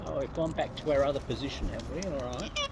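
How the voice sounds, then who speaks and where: A man with an Australian accent and a mid-range voice talks quickly to the wild birds he's feeding and filming. His casual chatter to them is teasing yet affectionate, captured in a noisy outdoor recording.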